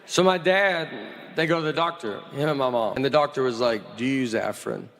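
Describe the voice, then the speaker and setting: A comedian telling stand-up stories in a slow, deadpan drawl. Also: male voice, on the high side. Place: live venue with audience. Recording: live audience noise.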